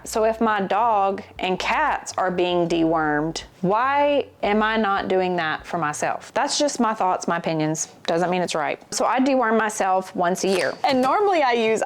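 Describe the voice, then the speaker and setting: A young adult woman with a Southern US accent, chatting candidly as she sorts through her pantry and jokes as she goes. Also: medium pitch. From American South. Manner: chatty, candid, jokey asides. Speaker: vlogger. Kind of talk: casual chat while decluttering.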